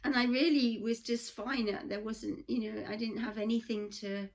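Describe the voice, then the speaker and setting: A woman's voice: a little high, steady tone, normal speed. Chatty English woman telling a story. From England. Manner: chatty, rambling, with frequent asides. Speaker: vlogger. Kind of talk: casual storytelling.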